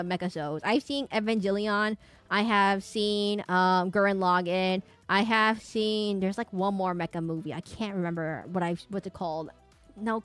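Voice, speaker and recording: A woman's voice: mid-range voice, a bit bright. A woman streamer chatting casually and rambling from topic to topic at her home setup.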